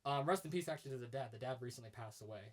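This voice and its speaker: A young man co-hosting a casual podcast on a headset mic. He talks in an animated way, laughs often, and jumps into high, excited voices when he tells stories. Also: rapid-fire. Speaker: podcast co-host. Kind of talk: casual chat.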